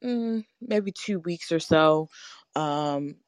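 A woman co-hosting a podcast, chatting casually through a morning check-in with lots of ums and pauses, a little nervous. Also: sits low, no echo. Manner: relaxed, halting with many ums. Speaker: podcast co-host.

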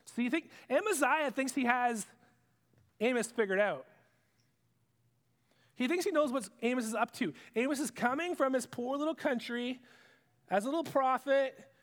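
A male preacher telling a Bible story as a sermon, with dramatic swings between hushed lows and excited highs. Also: moderate pace, pauses often, in a large hall.

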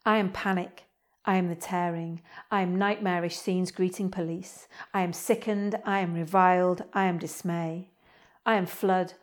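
A woman's voice: lowish voice, steady tone, moderate pace. Woman reading poetry. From North Wales. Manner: rhythmic, insistent spoken-word delivery. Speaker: poet.

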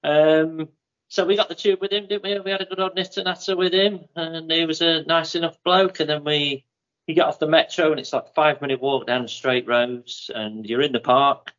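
A man's voice: a little high, steady tone, normal speed, fairly bright tone, dull audio. Rambling man telling a story. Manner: rambling anecdotal storytelling, playful. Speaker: podcast co-host. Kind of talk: casual chat.

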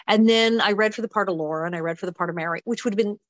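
An older woman, an actress, telling a lively story about her early career in an interview, full of quick asides and acting out the people she talks about. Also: mid-range voice, no echo, dull audio. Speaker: actress guest. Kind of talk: animated anecdote telling.

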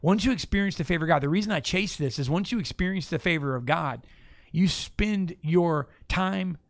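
A man hosting a casual faith talk, preaching with animated, playful asides. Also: on the high side, normal speed, no echo, clean studio sound. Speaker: podcast host and preacher.

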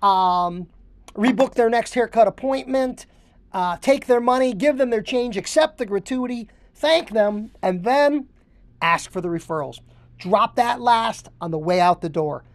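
A woman's voice: fairly high pitch, animated, measured pace, no room sound. A woman hosting a podcast, coaching haircutters and drilling phrases word for word with emphatic repetition. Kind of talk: instructional podcast monologue.

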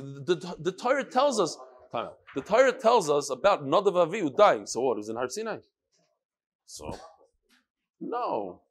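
Animated man teaching a Talmud class. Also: high voice. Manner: animated, sing-song study cadence mixing Hebrew and Yiddish terms.

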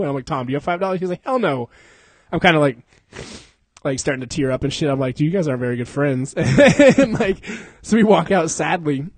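A young man with a somewhat high, slightly husky voice tells rambling stories to his friends. He laughs often and swears freely. The sound is dry and close. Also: dry recording. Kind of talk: casual storytelling among friends.

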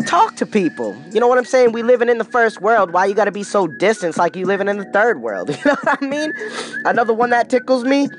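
A man's voice: high voice, lively intonation, fast talker, soft background music. A man with a US East Coast accent hosting his show, ranting in a comedic monologue full of rhetorical questions and "you know what I'm saying". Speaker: show host.

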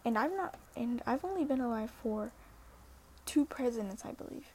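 A woman's voice: fairly high pitch, animated, moderate pace, mellow, slight background noise. A teenage girl talking earnestly and hesitantly in a casual vlog, often dropping to a half-whisper. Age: teens. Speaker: social media poster.

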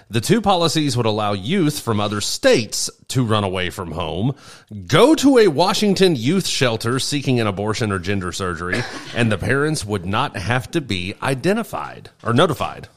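A man co-hosting a podcast, chatting casually in a dry, halting way and reading news items aloud. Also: mid-range voice, sing-song. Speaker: podcast co-host.

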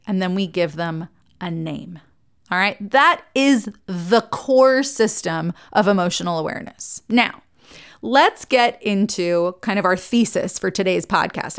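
A woman therapist hosting a podcast, explaining emotions in a conversational teaching monologue with frequent check-ins to the listener. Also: mid-range voice.

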